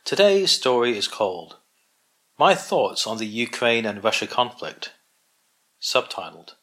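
A man's voice: medium pitch, big pitch swings, unhurried, a bit bright. A man hosting his own collection, reading an opinion essay aloud with wry, sardonic asides and the odd stumble over a word. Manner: occasional stumbles over words.

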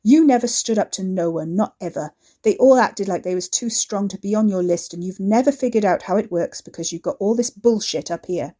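A woman doing a menacing male bruiser in a story, all swagger and loud, goading coarseness. The voice is mellow underneath the aggression, with a calm, even pitch. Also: fairly quick, lightly acted. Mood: furious, goading. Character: menacing, swaggering male brute, taunting and volatile.

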